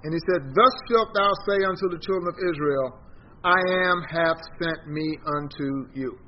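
A man leading an informal Bible study, animated and emphatic, often repeating words as he teaches. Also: normal speed. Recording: dull low-fi sound with faint noise.

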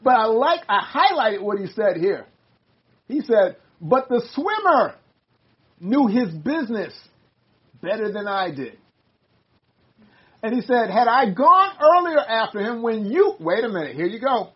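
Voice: mid-range voice, very animated, unhurried, long pauses, husky, lo-fi sound. An older speaker leading a casual Bible study discussion, rambling with many restarts and reading passages aloud.

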